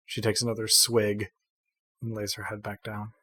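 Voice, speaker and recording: A man's voice: fairly low pitch, monotone, fairly bright tone, husky. Man narrating a tabletop game. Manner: descriptive, measured storytelling. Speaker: game master.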